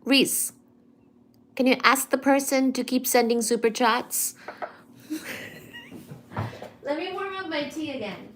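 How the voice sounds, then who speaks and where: A woman hosting a casual live stream, reading viewer comments aloud and teasing back in a careful, clearly articulated way. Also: sits high, takes it slowly, long pauses, a bit bright, slight background noise. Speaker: livestream host.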